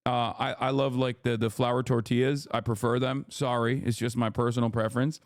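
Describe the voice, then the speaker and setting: Streamer, male, casual and profane, animated storyteller, dry close room. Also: mid-range voice, fairly quick, dry recording. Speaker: livestream host. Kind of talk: casual chat.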